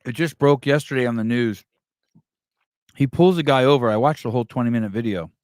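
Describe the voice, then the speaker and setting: A man's voice: mid-range voice, fairly quick, a little mellow, no room sound, studio quality. A man hosting a podcast, chatting casually and telling a long story with lots of restarts and fillers. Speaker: podcast host. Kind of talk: casual chat.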